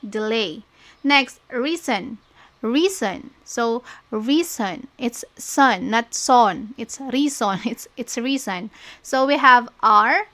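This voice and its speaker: A woman's voice: fairly high pitch, expressive, takes it slowly, sharp tone. A young woman with a Filipino accent teaching shorthand, patiently spelling out letters and repeating words. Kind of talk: online lesson, mixing Filipino and English.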